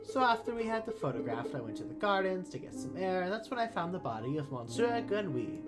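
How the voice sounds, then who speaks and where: A streamer voicing a young noble lady held in prison, anxious and talkative, high and a little shaky, while playing through a game with guitar music behind. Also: very animated, fast, natural voice. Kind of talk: voice acting a video game playthrough.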